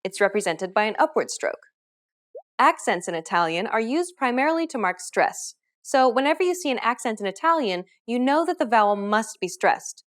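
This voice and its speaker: A woman teaching a scripted pronunciation lesson, explaining clearly and upbeat, modeling example words. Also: on the high side, sing-song, normal speed. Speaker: language teacher.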